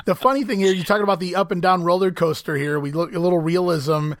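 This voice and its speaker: Male podcast host, lively and incredulous, dry close mic. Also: sits high, brisk, dry recording. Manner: animated, laughs often, incredulous. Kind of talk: casual podcast commentary.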